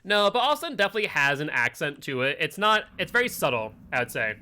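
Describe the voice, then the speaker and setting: A man streaming a game live, chatting casually with his friends and chat, full of "like" and quick asides. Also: a little high, sing-song, bright, forceful tone. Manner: chatty, filler-heavy, talks to chat and friends.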